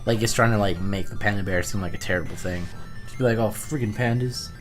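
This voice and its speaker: A man co-hosting a retro game review, chatty and quick to laugh, full of fillers. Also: deep voice, fairly even intonation, soft background music. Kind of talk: casual game commentary.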